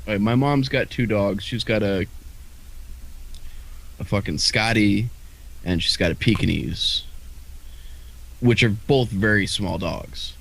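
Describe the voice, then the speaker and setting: Lower-voiced man musing casually. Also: takes it slowly, gravelly, long pauses, fairly bright tone, poor audio. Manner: rambling, hesitant, restarts often with fillers and occasional swearing. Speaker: podcast co-host. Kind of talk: casual chat.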